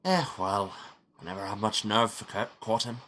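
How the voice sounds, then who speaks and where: In a natural voice on the low side, at a moderate pace and with a fairly bright tone, a man plays a gloomy young Scottish doctor, dry and rueful. His put-on Scottish accent wobbles and drifts toward Irish, and there's a little hiss or hum.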